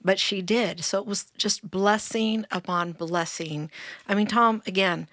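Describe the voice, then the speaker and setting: A woman's voice: medium pitch, steady tone, measured pace, no echo, clean studio sound. Earnest woman telling a story with laughs. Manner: laughs often, earnest and warm-hearted telling. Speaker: storyteller guest. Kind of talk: casual conversational storytelling.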